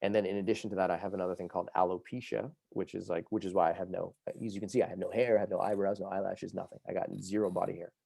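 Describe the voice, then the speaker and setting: A man tells his personal story as a guest on a podcast, rushing through it with plenty of fillers. His voice sits very low and has a gravelly fry. The sound is mellow and dark, with no room echo. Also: clean studio sound. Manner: fast, lively, full of fillers like "you know" and "like".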